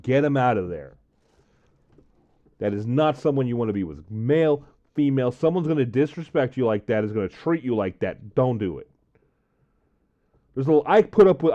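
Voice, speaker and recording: A man's voice: medium pitch, mellow, highs cut off. A man telling a long personal story on his vlog in a casual, rambling way, with many fillers and "uh, um"s. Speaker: vlogger.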